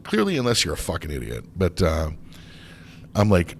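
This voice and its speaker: Low-pitched with huge swings in pitch, this man talks at a normal speed over a little hiss or hum. Hosting a podcast, he launches into a long, heated story full of nonstop swearing, wandering off and starting over again and again.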